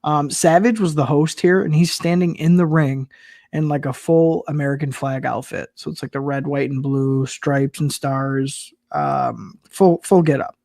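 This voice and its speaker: Male podcast co-host, slightly higher voice, laid-back and joking, dry close sound. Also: fairly even intonation, measured pace, gravelly, a little mellow, no echo. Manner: laid-back, joking, lots of ums and agreeing. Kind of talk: casual chat recapping wrestling.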